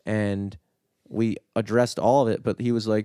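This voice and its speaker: A man's voice: lowish voice, flat delivery, normal speed, warm tone, clean tone, no echo, studio quality. Rambling, swearing man on a podcast. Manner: rambling, swears a lot, heavy filler words. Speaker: podcast co-host. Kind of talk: casual chat. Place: studio.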